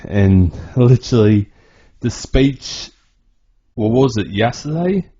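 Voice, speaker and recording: A man narrating his own video in a halting, rambling way, with many restarts and repeated words. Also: mid-range voice, animated, warm tone, slightly rough. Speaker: vlogger. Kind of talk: personal voice-over narration. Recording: dull lo-fi recording.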